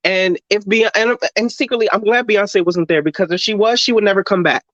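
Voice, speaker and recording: A man's voice: high voice, a little fast, fairly bright tone, no room sound. Sassy foul-mouthed guy ranting, dry lo-fi dull mic sound. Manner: blunt, sassy, swears a lot. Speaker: podcast co-host. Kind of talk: casual opinionated review chat.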